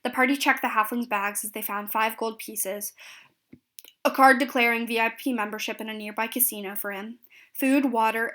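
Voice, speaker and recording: A woman's voice: a little high, fairly bright tone. A woman narrating a recap of a tabletop fantasy game, reading steadily with small slips and restarts.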